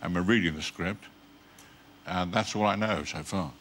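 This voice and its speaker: Deep-voiced older man telling dry stories. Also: moderate pace, a bit bright, slight background noise. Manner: dry, wry anecdotes told with a chuckle. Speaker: guest actor. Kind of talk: talk show interview. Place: TV studio with live audience.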